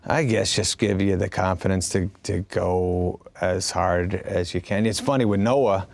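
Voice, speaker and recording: A man's voice: deep voice, steady tone, measured pace, vocal fry, no room sound. A man chatting casually as an actor, telling stories in a rambling way with many restarts and quoted dialogue. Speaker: actor in a conversation. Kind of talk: casual conversation.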